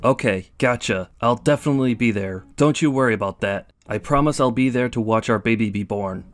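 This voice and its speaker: A man's voice: medium pitch, brisk, faint music behind, lightly acted. A synthetic male voice playing a young husband who casually promises to be there. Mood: reassuring.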